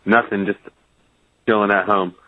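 A man playing a relaxed guy on a prank phone call, heard over a tinny line. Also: on the low side, moderate pace, no echo, voice pushed down, natural voice. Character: laid-back adult man on a prank call.

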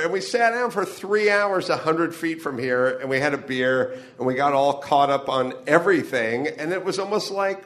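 A man with a somewhat higher-than-usual voice rants through a live stand-up set, swearing freely and tossing off dry asides. He is from the Los Angeles area and talks into a stage mic to a live venue. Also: normal speed, few pauses, a bit bright. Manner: profane, ranting, wry asides. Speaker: comedian performing live. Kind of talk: stand-up comedy monologue.

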